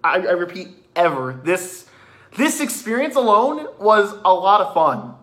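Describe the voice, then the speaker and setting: Casting: excitable male vlogger, high, very lively voice, swears freely. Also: measured pace. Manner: excitable, swearing, animated retelling with restarts. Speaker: vlogger reviewing a haunted attraction. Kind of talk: excited casual review.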